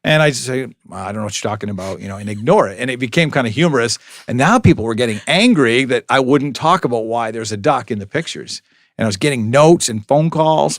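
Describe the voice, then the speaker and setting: A man's voice: mid-range voice, fairly bright tone, no room sound. A middle-aged man, a police officer being interviewed, telling long anecdotes with dry humor and lots of restarts. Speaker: police public information officer, guest. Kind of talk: storytelling interview.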